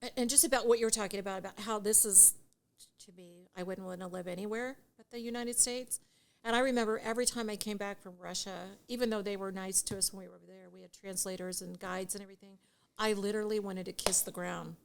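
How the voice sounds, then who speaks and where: A middle-aged woman, a guest on a podcast, telling a story in lively, casual chat with frequent laughter and acted-out dialogue. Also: medium pitch, fast talker, creaky. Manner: animated storyteller who laughs often and acts out dialogue. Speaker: guest, divorce mediation attorney.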